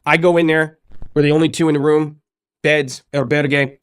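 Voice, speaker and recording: A man hosting an interview podcast, telling stories in an animated way and acting out the people he quotes. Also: a little high, moderate pace, clear, resonant tone, no room sound. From United States. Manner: animated storyteller, acts out quoted speech. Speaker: podcast host. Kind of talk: conversational interview.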